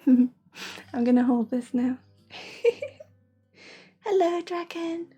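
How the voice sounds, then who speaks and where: High-voiced, giggly woman streamer. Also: lively intonation, drawn-out words, faint music behind. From Sweden. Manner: giggly, soft-spoken, often drops to a whisper. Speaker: livestream host and intuitive reader. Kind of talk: casual livestream chat. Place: home room with shelving.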